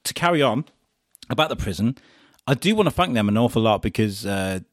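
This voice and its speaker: Male podcast host as guest, mid-pitched, lively laughing storyteller, close dry mic. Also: brisk, no room sound. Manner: animated, laughing storyteller with frequent restarts. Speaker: podcast host being interviewed. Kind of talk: casual storytelling chat.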